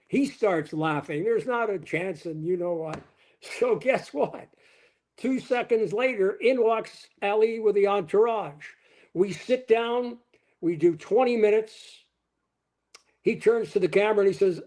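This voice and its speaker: A man's voice: high-pitched, moderate pace. An older man, a retired sportscaster from Canada, telling a story in an interview and quoting the people in it. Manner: animated anecdote teller, quoting people in his stories. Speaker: sportscaster guest.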